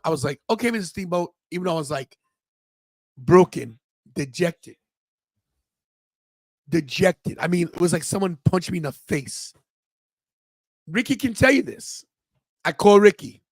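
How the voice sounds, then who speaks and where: Unhurried and pausing often, a middle-aged podcast host speaks in a voice on the high side, with no room sound. He recounts a personal story in a storytelling monologue full of emotion, animatedly quoting and acting out the people in it.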